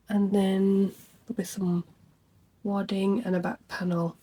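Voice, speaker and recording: Tired woman, soft slow chat. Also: mid-range voice, level tone, a little hiss or hum. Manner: chatty, rambling, soft-spoken with frequent fillers. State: tired, yawning. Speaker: vlogger. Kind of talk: casual vlog chat. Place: home.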